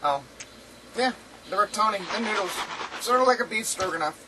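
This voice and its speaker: A woman's voice: medium pitch, animated, fairly quick, distant mic, noisy background. A woman chatting casually in a rambling video diary from home, laughing often, her throat dry and sore. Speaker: vlogger. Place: indoors at home.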